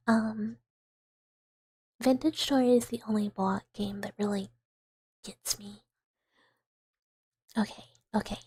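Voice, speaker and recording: A young woman streaming, softly whispering and giggling through her chat in a whispered role-play as a mouse character. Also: fairly high pitch, fairly even intonation, takes it slowly, pauses often, slightly rough, no echo. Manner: soft whispery chatter with frequent giggles. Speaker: VTuber streamer. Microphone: close ASMR microphone.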